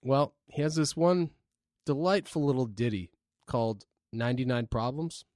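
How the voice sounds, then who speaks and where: A man co-hosting a podcast at a medium pitch, talking in a laid-back, meandering way with plenty of "you know" and "uh". His voice sits close and dry on the mic, with no room sound around it. He's easygoing and conversational, the way you'd talk to a friend. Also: moderate pace, darkish tone, no echo. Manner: laid-back, rambling storytelling with frequent fillers. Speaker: podcast co-host. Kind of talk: casual podcast chat.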